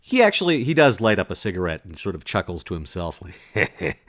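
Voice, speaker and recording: A man's voice: low-pitched, sing-song, fairly quick, a bit bright. A man playing a tabletop role-playing game, asking the game master questions and describing what his character does. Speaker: player.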